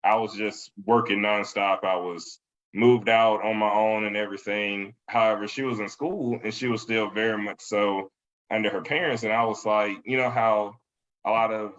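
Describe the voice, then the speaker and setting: A young adult man talks through his story as a podcast guest, relaxed and reflective. His voice is on the low side. The recording sounds dull and lo-fi. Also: moderate pace. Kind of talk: casual podcast conversation.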